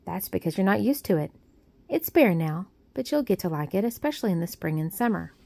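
A woman's voice: medium pitch, sing-song, a little fast, vocal fry, mellow. A woman voicing a cheerful, plump young Yorkshire housemaid who talks in a friendly, plain-spoken way.

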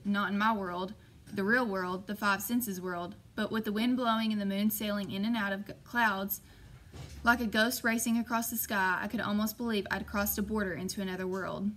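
A woman narrating a first-person novel as an audiobook, steady and measured. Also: medium pitch, a little hiss or hum, poor audio.

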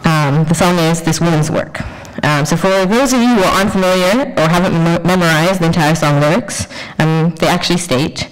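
Measured woman giving an academic paper. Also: on the low side, lively intonation, low-quality recording. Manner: measured, poetic, deliberate pauses. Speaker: curator and researcher.

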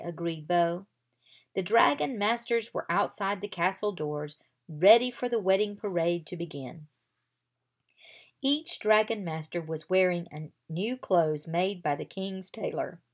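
A woman reading a children's chapter book aloud in an even storytelling manner. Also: lowish voice, unhurried. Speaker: reader.

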